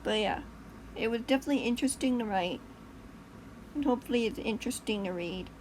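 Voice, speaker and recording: A woman's voice: on the high side, quick pace, darkish tone, a little hiss or hum, low-quality recording. A woman casually reading her own short story aloud, chatty, fixing slips as she goes and laughing at her asides.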